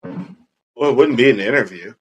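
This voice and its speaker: A man's voice: mid-range voice, lively intonation, normal speed, husky, muffled recording. A man, co-hosting a podcast in casual, rambling chat. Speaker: podcast co-host.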